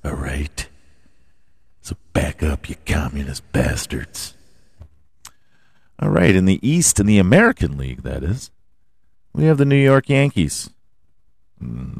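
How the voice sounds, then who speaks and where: A man hosting a sports podcast, running through the standings with crude jokes, sudden loud outbursts, sing-song bits and laughter at his own gags. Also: rumbling low, big pitch swings, measured pace, gravelly, pauses often, husky, dry recording, studio quality. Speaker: podcast host. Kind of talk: profane comedic sports rundown.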